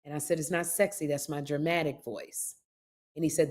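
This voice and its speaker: A low-pitched woman hosts a podcast in relaxed, casual chat. She is middle-aged and an animated storyteller who acts out the people in her stories. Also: a little fast. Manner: animated storyteller, lively retellings with laughs. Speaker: podcast host.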